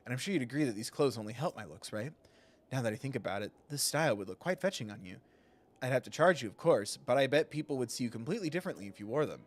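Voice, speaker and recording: A man voicing a flirtatious disguised male shopkeeper in a video game, reading the dialogue aloud in a soft, coy way. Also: medium pitch, lively intonation, quick pace, lightly acted.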